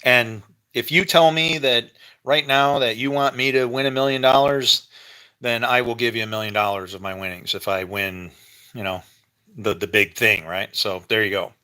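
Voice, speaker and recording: Bright-voiced man rambling emotionally. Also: medium pitch, fairly even intonation, normal speed, smooth. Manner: rambling, emotional, with frequent laughs and restarts; preachy, talks about faith. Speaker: vlogger. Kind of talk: rambling casual monologue. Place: home kitchen.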